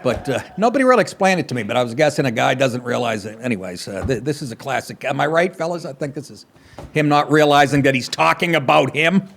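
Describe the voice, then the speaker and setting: A man's voice: medium pitch, expressive, fast talker, creaky, a bit bright, a little hiss or hum. A man hosting a talk show, ranting sarcastically and crudely over political clips.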